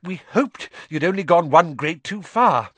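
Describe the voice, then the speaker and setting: A man voicing an eager, excitable middle-aged wizard father. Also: fairly high pitch, a little slow, breathy edge, no room sound, voice pushed up, heavily acted. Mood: anxious.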